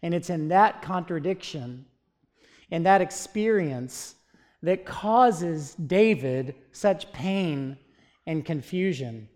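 Slow, earnest male preacher. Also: fairly high pitch, expressive, darkish tone. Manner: earnest, rhetorical questions to the congregation. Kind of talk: sermon.

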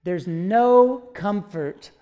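A man's voice: sits high, very slow, lo-fi sound. A man preaching a sermon, earnest and asking his listeners rhetorical questions.

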